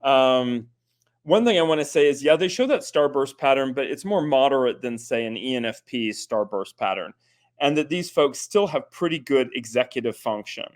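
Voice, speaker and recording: A man's voice: medium pitch, lively intonation, normal speed. Thoughtful man explaining with many restarts. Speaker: guest expert on personality types. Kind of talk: conversational explanation.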